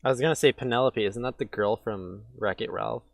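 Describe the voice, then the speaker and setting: A man's voice: lowish voice, brisk, vocal fry, no room sound. A young man co-hosting a podcast, tossing out teasing, sarcastic quips in casual chat. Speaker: podcast co-host.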